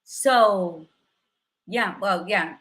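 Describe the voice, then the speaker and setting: Candid emotional woman host, bright-toned. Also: mid-range voice, very slow. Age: 50s. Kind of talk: casual chat.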